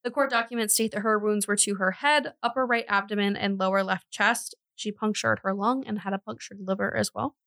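A woman's voice: mid-range voice, fairly even intonation, a little fast, gravelly, few pauses, sharp tone, no room sound, clean studio sound. A woman hosting a casual true crime podcast, telling the case and laughing often at the grim details.

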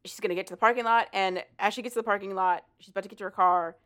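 A woman casually recapping a story for a co-host, animated and profane, laughing often as she talks. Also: mid-range voice, racing. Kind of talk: casual chat.

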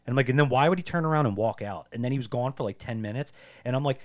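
A man's voice: medium pitch, racing, a little mellow. A man co-hosting a casual podcast, telling a rambling story full of swearing and filler words. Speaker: podcast co-host. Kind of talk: casual chat.

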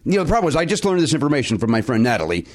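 Man, podcast co-host, casual chat, rambling, trailing off, animated pitch. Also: racing. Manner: rambling, trailing off mid-sentence, mock-exasperated.

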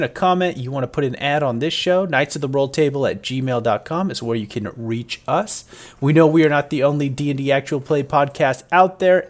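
A man hosting a tabletop podcast and narrating the scene as game master, with loose, filler-filled description. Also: fairly high pitch.

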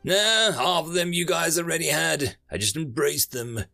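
A man's voice: fairly high pitch, moderate pace, gravelly, pushed and bright, no room sound, studio quality, faint music behind, pitched above the performer's own voice. A man voicing a cheerful young male marine who talks in a breezy, jokey way, in an audiobook reading.

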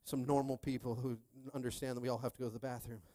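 A man preaching a sermon as pastor, telling a personal story animatedly, swinging between hushed and loud, and checking in with the crowd again and again. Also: mid-range voice, little pitch movement, fast, no room sound.

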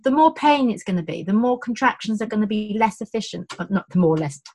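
A middle-aged woman, a birth educator, explaining labour in casual conversation, animated, acting out quotes with many restarts. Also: medium pitch, quick pace, husky, low-quality recording.

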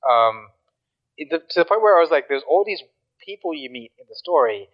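A man's voice: fairly high pitch, big pitch swings, fairly quick, creaky, lo-fi sound. A man chatting casually about games, rambling with lots of fillers and restarts. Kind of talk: casual chat.

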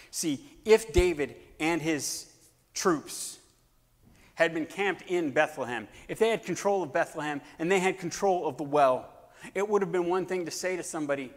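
A male preacher retells a story with lively, acted-out energy, dropping to hushed tones and rising again. His slightly high voice carries long reverb from a large hall. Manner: animated, acts out scenes, swings between shouting and hushed tones. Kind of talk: sermon storytelling.

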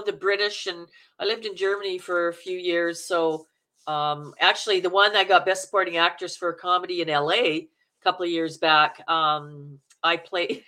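A woman's voice: on the low side, sharp tone. A middle-aged woman with a Canadian accent, an actor and acting coach, chatting as a guest in a rambling way with frequent laughter. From Manitoba, Canada. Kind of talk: casual interview chat.

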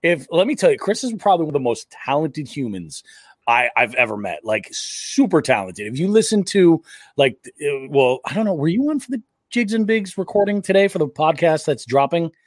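A man's voice: fairly high pitch, big pitch swings, a little fast, no echo, studio quality. A man hosting a podcast, telling stories enthusiastically in casual chat with a guest. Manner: enthusiastic, rambling storyteller. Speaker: podcast host.

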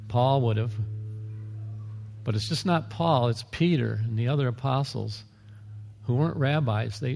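A man preaches in a relaxed, conversational way, breaking off into asides and soft chuckles. His mid-pitched voice has a gravelly edge. The sound carries a long hall reverb. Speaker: pastor. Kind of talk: sermon.

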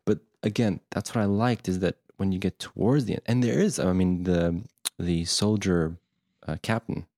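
A man's voice: deep voice, moderate pace, hardly any pauses, a little mellow, no room sound, clean studio sound. A man co-hosting a podcast, talking about a film in a hesitant, casual way with many fillers. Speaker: podcast co-host. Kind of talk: casual movie discussion.

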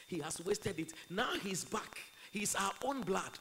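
A male pastor delivers an impassioned sermon, swinging from loud declarations to quiet asides. His voice sits high and bright with a gravelly edge, and a faint hum runs behind him. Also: animated, measured pace, low-quality recording.

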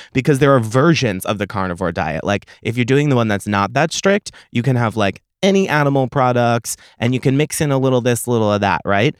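A young man hosting a solo comedy podcast, telling stories in a profane, sarcastic, animated way. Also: medium pitch, smooth, no echo, studio quality. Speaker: podcast host.

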